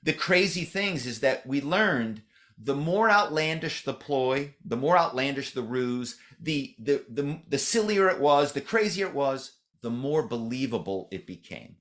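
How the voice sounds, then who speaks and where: In a loose interview on a podcast, a middle-aged male guest speaks in an expressive, unhurried, medium-pitched voice with a fairly bright tone. He meanders, peppering his talk with "you know" and frequent restarts.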